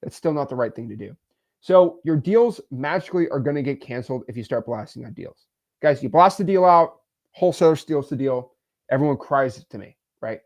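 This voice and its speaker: A man hosting a blunt, animated coaching monologue, often tagging his points with "right?". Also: mid-range voice, brisk. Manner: blunt, animated, talks to the viewer, frequent "right?" tags. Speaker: host.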